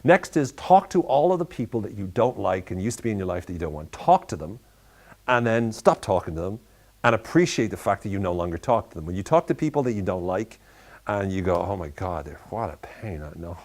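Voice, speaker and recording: Man giving playful mock self-help advice. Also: a little fast. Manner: animated, voices and pitch jumps in quoted asides. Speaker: self-development speaker. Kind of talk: tongue-in-cheek motivational talk.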